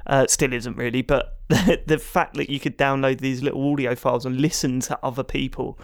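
Gravelly man on a dry mic. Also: mid-range voice, steady tone, fairly quick, dry recording. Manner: dry, self-mocking, hesitant with fillers. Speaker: podcast guest. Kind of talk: casual podcast chat.

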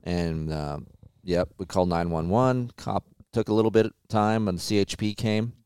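A man with a low, smooth voice tells a story in an easygoing, profane way. The sound is close and dry, with no room around it. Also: normal speed, a little mellow, dry recording. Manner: laid-back storytelling with frequent swearing. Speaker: podcast host. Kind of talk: casual chat.

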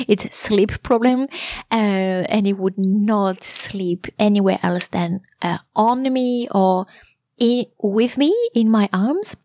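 A woman's voice: medium pitch, a little mellow, no echo, clean studio sound. A woman in her thirties, a French teacher hosting her own podcast, talking casually with frequent ums and uhs.

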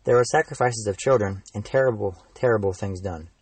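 Storybook: steady, patient knight read by a young man, low voice, dry sound a bit off-mic. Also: slightly rough, no echo, recorded from a distance, poor audio. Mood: earnest. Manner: calm, measured. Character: calm, friendly adult knight, steady and patient.

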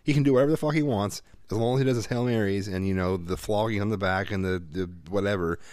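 Man, father, chatty co-host, lively storyteller, lowish voice, dry sound. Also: quick pace, dry recording. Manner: animated storyteller, mimics voices, swears freely. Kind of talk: casual chat.

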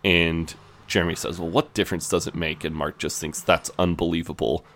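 A British man co-hosting a podcast, recapping a TV episode in a halting casual way with many fillers. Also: low voice, fairly even intonation, fairly bright tone. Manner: halting with fillers like uh, you know. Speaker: podcast co-host.

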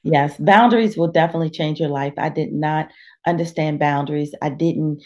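A woman life coach speaking as a guest in a conversational interview, animated and preacherly, often acting out inner dialogue. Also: deep voice, brisk.

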